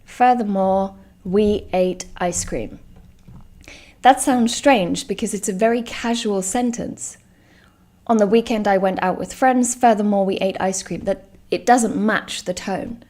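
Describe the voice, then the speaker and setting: A woman teaching a live online English lesson, speaking clearly and stressing each example word. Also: medium pitch, darkish tone. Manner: slow, clear and emphatic, stresses example words.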